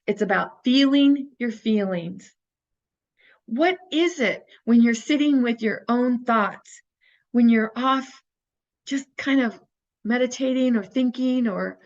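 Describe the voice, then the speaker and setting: A woman's voice: on the high side, highs cut off. A woman teaching a recorded course, talking earnestly and coaching her listeners with rhetorical questions. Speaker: teacher of an inner-child healing course.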